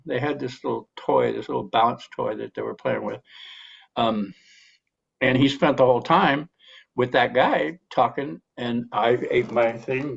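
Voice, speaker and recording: A man's voice: medium pitch, vocal fry, breathy edge, highs cut off. A middle-aged man talking about recovery in an earnest, reflective monologue, sighing often and restarting his sentences. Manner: earnest, self-reflective, with frequent restarts and sighs. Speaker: recovery and personal growth speaker.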